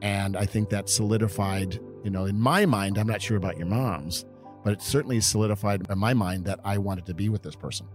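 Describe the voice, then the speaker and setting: A man's voice: lowish voice, brisk, over music. A middle-aged American man from California, a father telling his grown child stories of his youth in a casual, rambling way full of fillers. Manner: rambling, reminiscing, with many fillers. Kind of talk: casual storytelling.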